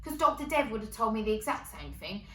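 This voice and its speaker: A woman performs a confessional comedy monologue from her sofa, candid and chatty with plenty of swearing. Her voice is bright and forward, picked up a little away from the mic in an echoey room. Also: on the high side, very animated, fast talker, far from the mic. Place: at home on a sofa.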